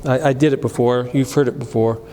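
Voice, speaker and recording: A middle-aged man preaching a sermon, telling a personal story, moving between loud emphatic lines and low quiet asides, with frequent restarts. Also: steady tone, brisk. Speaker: pastor. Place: church sanctuary. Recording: live church recording with long reverb and faint room noise.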